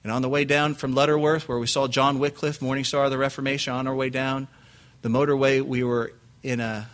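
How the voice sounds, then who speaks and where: A male pastor telling a lively personal story, acting out his quotes and restarting his sentences often. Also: mid-range voice, a little fast. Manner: animated anecdote with acted quotes, frequent restarts and laughs. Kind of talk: preaching storytelling.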